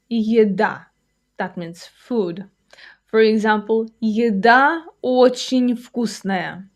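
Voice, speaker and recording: A Russian-accented woman, a native speaker, teaches beginners in an unhurried, patient way. Her voice sits a little high, and she repeats each word slowly and clearly. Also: a little mellow. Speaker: language teacher. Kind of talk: slow, clear vocabulary lesson.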